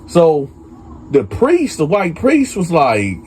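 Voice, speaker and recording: A man hosts a prison story channel, telling a story casually in a slightly high, darkish voice with huge pitch swings and a slow pace. He talks straight to his viewers, calling them y'all and using lots of fillers, over slight background noise.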